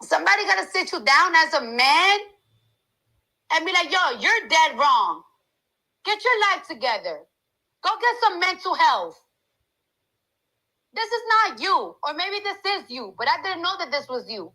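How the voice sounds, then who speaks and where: A woman's voice: very high-pitched, very animated, measured pace, pauses often, sharp tone, low-quality recording. A woman in her thirties in a heated, profane, repetitive rant, filmed on a phone for a live video. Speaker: celebrity ranting online. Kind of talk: angry unscripted rant.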